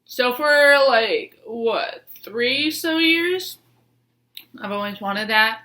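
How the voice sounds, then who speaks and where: A woman's voice: fairly high pitch, expressive, very slow, pushed and bright. A woman with a stuffy nose from sneezing, telling a personal story in a rambling way with lots of fillers and restarts. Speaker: vlogger.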